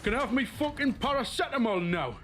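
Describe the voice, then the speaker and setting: A man's voice: very high-pitched, animated, a little fast, a bit bright, faint music behind. A man voicing a foul-mouthed, grumpy cartoon man from Hartlepool who swears constantly while hunting for painkillers. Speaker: voice actor in an animated comic.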